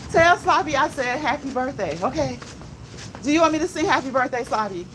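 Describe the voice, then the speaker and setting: A woman's voice: high voice, lively intonation, brisk, background noise. A woman hosting a walking vlog, chatting casually and often checking in with "okay?" and laughing. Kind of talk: casual chat while walking. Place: outdoors on a walk.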